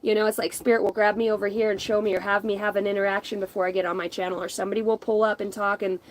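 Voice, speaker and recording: A woman's voice: mid-range voice, level tone, very fast, a little hiss or hum, poor audio. Blunt, rambling middle-aged woman reader. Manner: rambling, blunt and profane, laughs often. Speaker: intuitive tarot reader. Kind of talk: casual spiritual channel reading.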